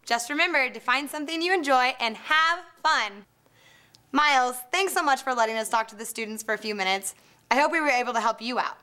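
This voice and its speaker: Brief: peppy cheerleader woman, high bright voice, cheering students on. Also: brisk.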